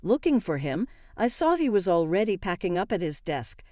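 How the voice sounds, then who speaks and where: A woman reading a first-person story aloud in a steady, even manner. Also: fairly low pitch, moderate pace, no room sound, clean studio sound. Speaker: narrator.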